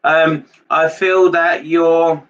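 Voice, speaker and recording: Rambling male medium, bright tone. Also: fairly high pitch, level tone, drawn-out words. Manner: rambling, repetitive, hesitant. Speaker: psychic medium. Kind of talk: live-streamed reading. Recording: dull lo-fi sound from a distance.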